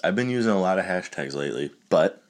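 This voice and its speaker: Deep-voiced, crude-joking male podcast host. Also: expressive, fast talker. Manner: crude, joking, laughs often. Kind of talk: casual solo podcast talk.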